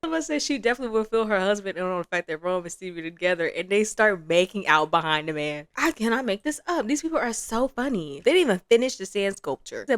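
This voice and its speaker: Animated, laughing woman commentating a game. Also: mid-range voice, quick pace, hardly any pauses, no room sound. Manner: chatty, laughs often, acts out quotes. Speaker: gameplay commentator.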